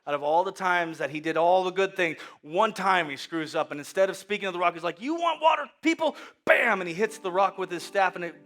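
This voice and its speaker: A man preaching a sermon as pastor, moving from hushed, quiet lines to loud, animated storytelling. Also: high voice, fast, hardly any pauses.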